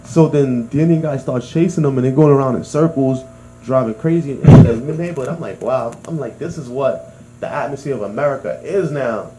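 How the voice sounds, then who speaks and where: A man's voice: mid-range voice, brisk, heavy background noise. A man co-hosting a casual chat among friends, telling a story and acting out the lines of the people in it. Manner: animated storyteller, acts out quotes. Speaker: podcast co-host.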